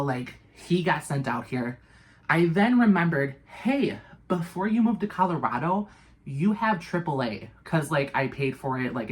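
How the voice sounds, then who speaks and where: A young woman vlogger telling a storytime tale in a casual, animated way, full of fillers and swearing. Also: extremely low pitch.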